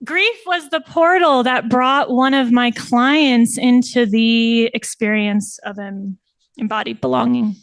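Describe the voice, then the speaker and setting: Young woman telling a therapy story, lively, acts out voices, dry close sound, a bit high. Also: takes it slowly, creaky, no echo. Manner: animated, acts out quoted voices with laughter. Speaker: somatic practitioner presenting thesis. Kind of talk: personal storytelling presentation.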